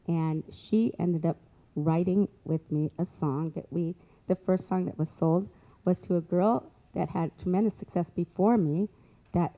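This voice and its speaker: A woman telling a long story as a guest speaker, animated, acting out both sides of conversations and adding lively asides. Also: on the low side, dull audio. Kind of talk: storytelling on stage.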